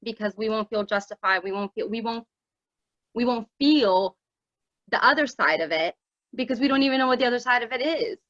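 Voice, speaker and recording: A woman's voice: a little high, brisk, fairly bright tone, dry recording. A woman founder speaking in a casual conversation, earnest and reflective, restarting her sentences. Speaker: project founder. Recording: dull, dry recording.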